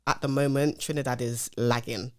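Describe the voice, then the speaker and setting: A young woman from England, co-hosting a podcast in relaxed, frank casual chat. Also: very deep voice, moderate pace. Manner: relaxed, frank, lots of fillers. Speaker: podcast co-host.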